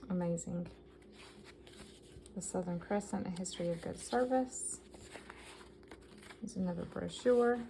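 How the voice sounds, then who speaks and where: Gravelly low-voiced woman showing thrift finds. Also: a little slow, pauses often, dark tone, a little hiss or hum, rough recording. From American South. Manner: chatty and enthusiastic, reading items aloud. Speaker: vintage collector vlogger. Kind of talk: casual show-and-tell haul.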